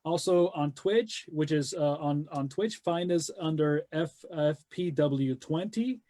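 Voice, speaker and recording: A man's voice: on the high side, unhurried, warm tone. A man hosting a casual webcast, rambling and repeating himself as he thanks the audience. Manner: rambling, repeats words when wrapping up. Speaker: host. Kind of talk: casual chat.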